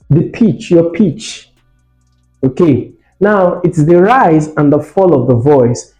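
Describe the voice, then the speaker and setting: A man's voice: a little high, mellow, roomy sound, dull audio. A man teaching an exam-prep English lesson, demonstrating stress and rising tones and asking his students questions. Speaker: English tutor.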